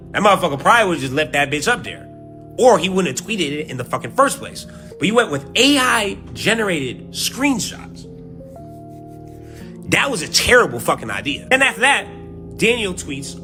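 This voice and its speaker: Guy ranting about posts, bright voice all over the place, lots of cussing, little music under it. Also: on the high side. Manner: profane, mocking, animated. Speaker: podcast co-host. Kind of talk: casual commentary reading posts aloud.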